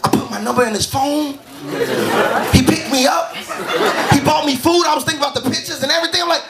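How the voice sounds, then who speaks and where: Man doing stand-up in a live club recording; pitch runs high and laughter roars behind him. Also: fast, long pauses. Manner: animated, acts out both sides with slangy banter. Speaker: stand-up comedian. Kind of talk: stand-up storytelling. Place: live comedy club stage. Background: loud audience laughter and crowd noise.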